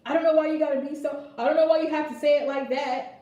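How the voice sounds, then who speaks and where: A woman's voice: sits high, steady tone, quick pace, mellow, reverberant, natural voice. A woman voicing a teenage son complaining about how his father talks to him. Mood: whiny. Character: whiny teenage son protesting his dad.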